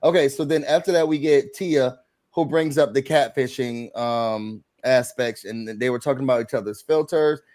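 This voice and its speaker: A man hosting a live show recap, chatting casually and acting out quotes with sudden loud bursts. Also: medium pitch, normal speed. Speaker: host.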